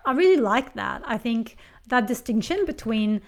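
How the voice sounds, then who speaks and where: A woman interviewer asking reflective questions and responding in a thoughtful, measured way. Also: fairly high pitch, lively intonation.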